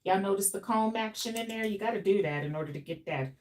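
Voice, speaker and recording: A woman banters playfully with her live-stream audience as she does someone's hair. She speaks quickly at a medium pitch. The mic is distant, catching her off-mic along with faint background noise.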